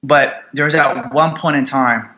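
A man's voice: mid-range voice, fairly even intonation, unhurried, sharp tone, lo-fi sound. An American man, a combat veteran guest on a podcast, telling his story in a raw, profane way, with many restarts and fillers. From United States. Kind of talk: candid storytelling interview.

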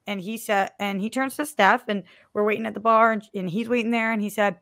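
A woman co-hosting a podcast in casual chat, telling a story in a lively, animated way. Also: mid-range voice, fairly quick, no echo, clean studio sound. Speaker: podcast co-host.

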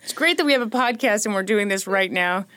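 A woman's voice: mid-range voice, expressive, a little fast, a bit bright, no room sound. A woman hosting a podcast who tells a true crime story and chats in a jokey, sarcastic way, short on sleep. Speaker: podcast host.

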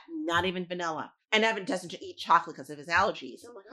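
A woman's voice: fairly low pitch, very fast, few pauses. A woman co-hosting a casual chat show, telling a story with lots of laughter. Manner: animated storyteller, laughs often. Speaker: co-host.

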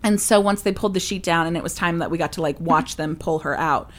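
A woman's voice: lowish voice, fast talker. Chatty young woman telling a story. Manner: animated storyteller, acts out quoted voices. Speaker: podcast co-host. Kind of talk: casual chat.

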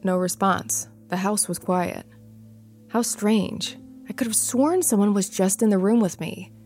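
Woman reading a creepy story, slow and suspenseful, a little music in the back. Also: mid-range voice, a little mellow. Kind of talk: scripted first-person narration of a ghost story. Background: faint music.

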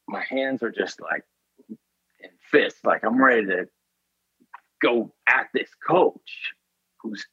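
A man's voice: mid-range voice, slightly rough, dry recording, lo-fi sound. A man earnestly telling a personal story in an interview, emotional and full of "you know" and "like".

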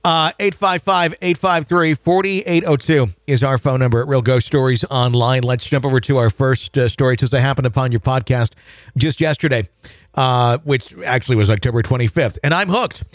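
A male podcast host reads a listener's ghost story aloud at a middle pitch. His delivery is even and conversational, with a few small slips. The recording is dry and close, with no room sound. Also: a little fast, no echo.

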